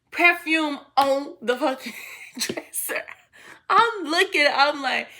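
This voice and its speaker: A woman's voice: high voice, sharp tone. A woman vlogger telling a personal story in a blunt, casual way, swearing freely and laughing often.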